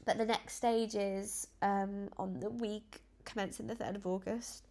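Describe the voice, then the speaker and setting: A woman's voice: medium pitch, steady tone, a little slow, hardly any pauses, darkish tone. A woman vlogging in a casual, rambling, earnest chat to camera, emotional and close to tears at times.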